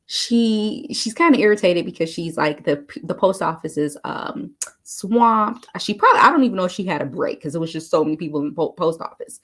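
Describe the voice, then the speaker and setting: A woman telling a story to encourage listeners, animated and chatty, often calling them "you all.". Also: lowish voice, brisk. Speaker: motivational speaker. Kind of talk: casual motivational storytelling.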